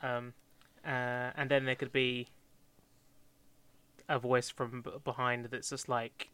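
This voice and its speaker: Bright-voiced man in casual chat. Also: medium pitch, level tone, slow, clean tone. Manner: loose and joking, many fillers. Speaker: podcast co-host. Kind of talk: casual chat, brainstorming a story.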